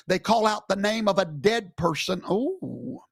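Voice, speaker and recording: A man's voice: sits high, lively intonation, slow, dry recording, studio quality. A man giving a live streamed commentary in an emphatic, preacherly way, scolding with rhetorical questions.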